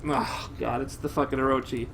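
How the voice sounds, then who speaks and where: A young man streaming a game live, commenting in an excitable, profane way and bursting into shouts. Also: medium pitch, fairly quick, vocal fry, a little hiss or hum.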